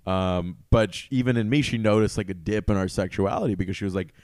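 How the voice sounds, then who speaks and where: A man's voice: on the low side, quick pace, darkish tone, no echo, clean studio sound. A young adult man in casual podcast chat, telling stories candidly and at length with many fillers.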